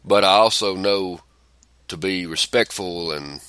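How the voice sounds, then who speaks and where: A middle-aged podcast co-host with a drawl chats casually at a measured pace, his smooth, low voice carrying a bright, forceful edge. Blunt and profane, he rambles through stories, recorded close and dry with no echo.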